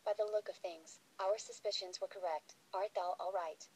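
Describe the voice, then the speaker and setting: A woman's voice: medium pitch, fairly even intonation, normal speed, slight background noise, close to an everyday voice, poor audio. A woman reading a regal princess of the night. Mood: solemn. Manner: archaic formal speech, gentle.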